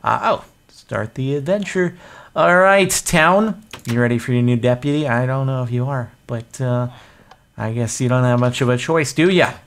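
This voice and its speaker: A man's voice: mid-range voice, normal speed. A man casually commentating his gameplay, chatty and self-mocking. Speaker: gaming video host.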